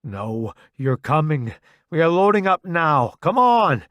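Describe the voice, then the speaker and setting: A man voicing a desperate young soldier who shouts in anguish. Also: high-pitched, very animated, takes it slowly, no room sound, voice pushed up, full character voice. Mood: anguished shouting.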